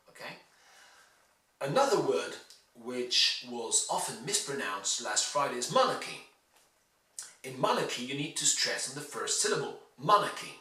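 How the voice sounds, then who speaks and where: A man teaching English pronunciation, slowly contrasting wrong and right sounds and reading out historical excerpts. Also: mid-range voice, pushed and bright, roomy sound, distant mic, poor audio. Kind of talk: pronunciation lesson with read excerpts.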